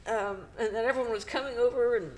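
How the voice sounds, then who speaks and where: A woman's voice: fairly high pitch, steady tone. Middle-aged woman telling an emotional story. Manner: halting, emotional retelling with nervous laughs. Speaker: podcast co-host. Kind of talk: personal storytelling.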